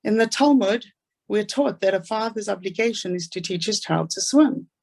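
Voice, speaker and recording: A woman's voice: mid-range voice, gravelly, a little mellow. A woman with a South African accent giving an earnest, inspirational talk about her own life. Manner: earnest storytelling, fast asides. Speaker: speaker.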